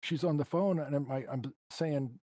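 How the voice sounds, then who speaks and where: A man's voice: on the high side, moderate pace, dark tone, dry recording. A man appears as a guest musician in a podcast interview. He tells personal stories in a reflective, emotional way. The recording is dry and close. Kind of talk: storytelling interview.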